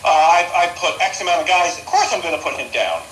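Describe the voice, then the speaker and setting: A man's voice: fairly high pitch, animated, fast, fairly bright tone, reverberant, soft background music, poor audio. A man co-hosting a casual sports talk show, fired up and ranting emphatically. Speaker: co-host.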